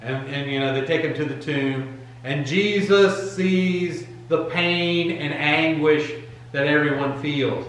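A man's voice: fairly high pitch, slow, fairly bright tone, heavy reverb, rough recording. A man preaching a sermon as pastor, in a conversational, emphatic manner, retelling scenes in his own casual words. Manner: conversational, emphatic, voicing Bible figures casually. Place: church sanctuary.

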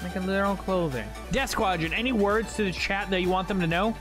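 A man's voice: high-pitched, unhurried, a bit bright, soft background music. A man streaming a video game, chatting playfully and jokingly with his viewers. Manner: playful, jokey, chats to viewers. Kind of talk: casual live-stream chat.

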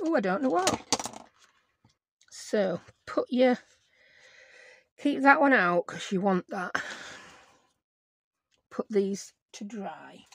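Middle-aged woman, craft host, rambling self-talk, slight gravel. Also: mid-range voice, a little hiss or hum. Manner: rambling, self-mocking, talks to herself while working. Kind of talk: chatty crafting tutorial.

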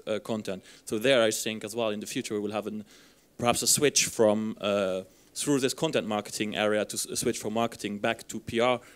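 A man in the audience at a workshop, adding a point after stumbling starts. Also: fairly low pitch. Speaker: audience member. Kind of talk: audience comment.

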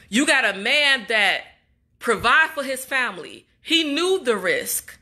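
A woman's voice: fairly high pitch, very animated, unhurried, sharp tone. A young woman from Chicago, a graduate student, venting in an upset, emotional vlog straight to her viewers. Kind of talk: casual emotional vlog monologue.

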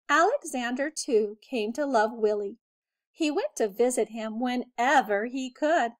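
Slow, expressive woman reading a picture book. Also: fairly high pitch. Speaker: teacher reading aloud. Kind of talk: children's picture book read-aloud.

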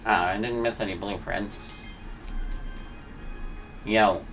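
Faint music plays behind a man streaming a video game, his voice low-leaning, fairly bright, and slow with fairly even intonation. Laid-back, he gives casual let's-play commentary, chatting and tossing joking asides to his chat as he plays.

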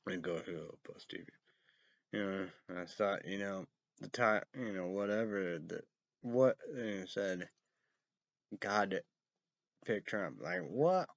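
A man reading news headlines aloud and ranting about them in a rambling, casual way, breaking into loud outbursts and cursing. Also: low-pitched, animated, creaky, no echo, highs cut off. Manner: reads headlines slowly, then rants loudly with cursing.

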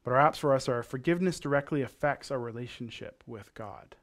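A man's voice: mid-range voice, fairly quick, fairly bright tone. A male pastor from Canada giving a sermon, telling a parable in a casual, conversational way.

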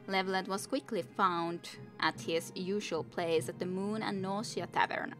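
A woman's voice: medium pitch, fairly even intonation, measured pace, few pauses, fairly bright tone, faint music behind. A young woman streamer reading a fantasy novel aloud, with chatty asides to her viewers.

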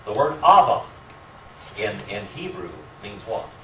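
A man's voice: fairly low pitch, very animated, measured pace. A man teaching a church Bible class, asking the class questions and chuckling between points. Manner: asks the class questions, chuckles often, warm teasing. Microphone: room mic from a distance. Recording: roomy distant amateur recording with faint hiss.

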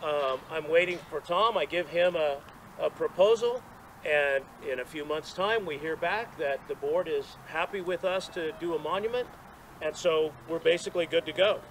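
Man, fairly high voice, chatty outdoor dedication speaker, self-deprecating, faint outdoor noise behind. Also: moderate pace, rough recording. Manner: chatty, self-deprecating, frequent restarts and laughs. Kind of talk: outdoor storytelling speech. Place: outdoors at a gathering.

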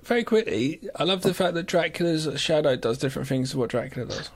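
Husky man making jokey asides. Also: on the high side, lively intonation, fast talker. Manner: chatty, jokey asides and interjections. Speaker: podcast co-host. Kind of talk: casual film review chat.

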